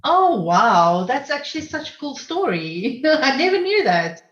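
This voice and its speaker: A woman host with a high voice that swings up and down reacts eagerly to her guest and laughs a lot. Her audio is dull and echoey, as if captured in a roomy space. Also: very animated, fairly bright tone. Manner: enthusiastic, laughs often, quick reactions. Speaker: interviewer. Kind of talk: interview conversation.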